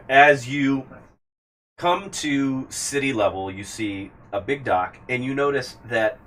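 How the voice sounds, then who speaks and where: A distant-sounding male game master. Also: medium pitch. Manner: descriptive, pausing with fillers. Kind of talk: narrating a tabletop game. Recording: distant mic, faint background hiss.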